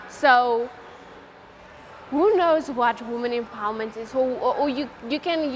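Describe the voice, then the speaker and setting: A woman giving a motivational talk to schoolgirls at a car dealership, lively and coaxing, often asking her audience questions. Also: sits high, a little hiss or hum. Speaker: motivational speaker at a workshop.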